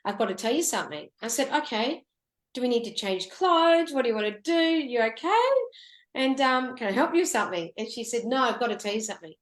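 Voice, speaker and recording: A woman's voice: on the high side, lively intonation. Emotional woman telling a story, roomy sound. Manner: halting, emotional, many restarts. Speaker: guest, photographer. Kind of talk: emotional storytelling in a radio interview.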